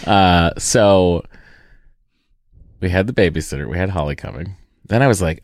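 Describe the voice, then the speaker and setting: Man, podcast host, very low voice, casual rambling chat, restarts sentences, dry close sound. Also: normal speed, pauses often, darkish tone, no room sound. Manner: rambling, self-interrupting storyteller.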